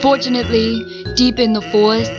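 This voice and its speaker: A woman's voice: on the high side, flat delivery, a little fast, over music, close to an everyday voice. A woman voicing a laid-back, joking male skeleton sentry as she reads game dialogue aloud.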